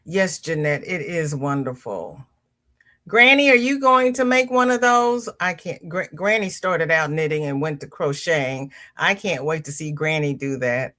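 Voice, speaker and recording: A woman hosts a crochet livestream in a leisurely, chatty way, greeting viewers by name with jumps in pitch and reading their comments aloud. Her voice is expressive, unhurried, and sharp in tone.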